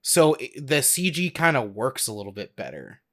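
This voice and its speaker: A man's voice: medium pitch, big pitch swings, moderate pace. Young male co-host, ordinary mid-range voice, stammering, casual. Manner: hesitant, stammers and restarts, laughs easily. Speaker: podcast co-host. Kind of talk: casual chat.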